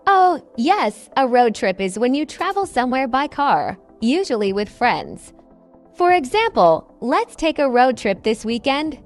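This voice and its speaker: A woman with a high, bright-sounding voice that swoops up and down a lot. She co-hosts a scripted English lesson, cheerfully explaining slang with examples. Soft music plays underneath. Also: big pitch swings, a little slow. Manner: upbeat, explains phrases with examples. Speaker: co-host and English teacher.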